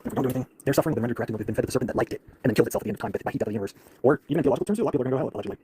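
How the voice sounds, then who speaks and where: A man ranting fast to camera in an intense, swearing, preachy way. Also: medium pitch, dark tone, slightly rough. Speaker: online video creator.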